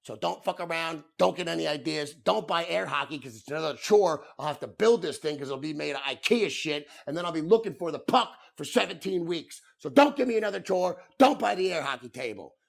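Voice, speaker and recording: Male podcast host, thirties, gravelly, fairly high voice, profane comedic rant. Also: fairly quick, hardly any pauses. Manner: profane, animated storytelling.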